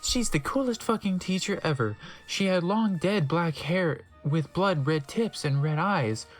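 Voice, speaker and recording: A reader giving a comic dramatic reading of fan fiction, dropping into deadpan asides. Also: mid-range voice, unhurried, faint music behind.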